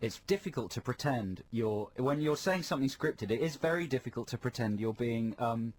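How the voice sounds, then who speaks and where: Dry-witted male radio co-host, lively tone. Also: mid-range voice. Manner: dry, explanatory asides with quick quips. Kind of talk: casual radio banter. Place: radio studio. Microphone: studio microphone.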